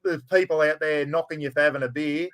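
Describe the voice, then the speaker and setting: A man's voice: a little high, fairly even intonation, fast, a bit bright, low-quality recording. An older Australian man hosting a casual live-stream chat, friendly and matey, calling everyone mate. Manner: matey, says "mate" constantly. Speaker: host.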